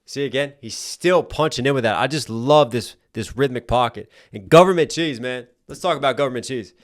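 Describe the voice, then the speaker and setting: A man's voice: medium pitch, fairly quick. A man talking casually as he breaks down rap lyrics, explaining each point and often checking in with "right?". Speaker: rapper reacting to a song. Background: song playing faintly underneath.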